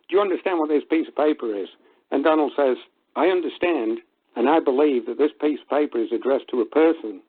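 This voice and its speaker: A man with a mid-range voice calls in to a talk show and retells a story in a lively way. He chuckles and acts out the quotes as he goes. His voice comes through a narrow, tinny phone line. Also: medium pitch, breathy edge. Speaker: caller. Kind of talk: casual storytelling on a call-in show.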